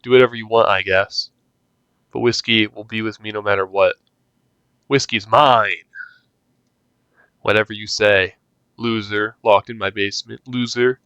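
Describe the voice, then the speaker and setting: A man's voice: on the low side, fairly even intonation, a little slow, pauses often, pushed and bright, clear, resonant tone, dry recording, highs cut off. A man voicing a smug, obsessive young male captor in a game, talking down to his prisoner. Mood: taunting. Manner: condescending, taunting.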